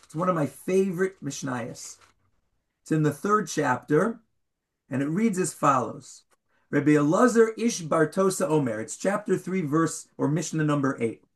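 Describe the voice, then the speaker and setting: A man's voice: a little high, normal speed. A man teaching an interactive Bible class to a small group, questioning his students and reading verses aloud. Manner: animated, questions the students, reads Hebrew aloud.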